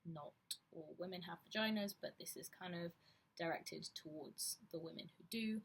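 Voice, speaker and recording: A woman's voice: on the low side, normal speed, a little hiss or hum. A woman talking frankly and reflectively to camera in a personal vlog. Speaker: vlogger. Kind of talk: candid personal vlog talk.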